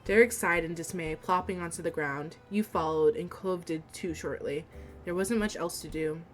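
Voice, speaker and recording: A young woman streaming a story game, reading the text and dialogue aloud in a steady voice and breaking into giggles and swearing between lines. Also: on the low side, normal speed, soft background music.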